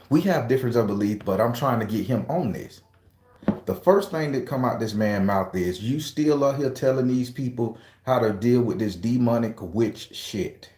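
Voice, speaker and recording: A man's voice: on the low side, a little mellow, echoey room. A man casually telling a story to his viewers, profane and emphatic, speaking straight to his audience. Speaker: tarot reader and channel host.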